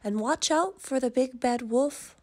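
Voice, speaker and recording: A woman's voice: high-pitched, unhurried, darkish tone. A woman voicing a loving old mother pig who sends her piglets off. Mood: tender.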